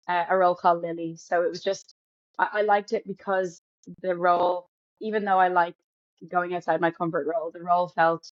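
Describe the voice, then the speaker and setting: A young Irish woman talks casually, full of "like" and "you know." Her voice sits low and stays fairly flat. The recording is dry and a little dull, lo-fi. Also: dry recording. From Ireland. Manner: chatty, many fillers and restarts. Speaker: podcast guest, actor. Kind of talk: casual interview chat.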